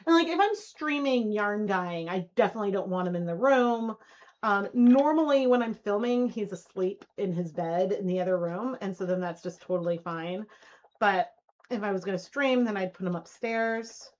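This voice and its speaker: A woman's voice: medium pitch, normal speed. Chatty woman, lo-fi stream. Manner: chatty, giggly, cooing baby talk to her dog. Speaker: fiber arts channel host. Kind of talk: casual live-stream chat while spinning yarn. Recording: lo-fi live-stream audio.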